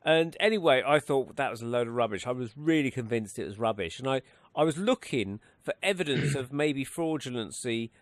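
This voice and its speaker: A man's voice: mid-range voice, expressive, brisk, few pauses, dry recording. A man hosting a radio talk show, rambling and hesitant with many restarts. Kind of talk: casual radio chat. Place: radio studio.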